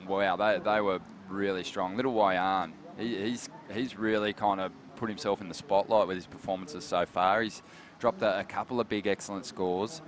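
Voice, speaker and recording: A man with an Australian accent doing live surf commentary in a relaxed, chatty way. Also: deep voice, moderate pace. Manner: relaxed and chatty, calls people mate.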